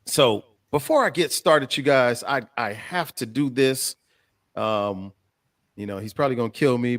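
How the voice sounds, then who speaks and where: A man hosting a casual live-stream chat. He sounds animated, laughs a lot and reads viewer comments aloud. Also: lowish voice, dry recording, studio quality. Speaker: host.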